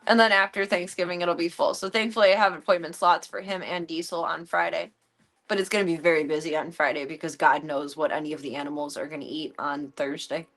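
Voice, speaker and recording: A woman's voice: low-pitched, steady tone, fast, fairly bright tone, faint music behind, poor audio. A young woman streaming casual chat, talking freely with casual swearing. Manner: chatty, swears casually, coos in baby talk to her cats.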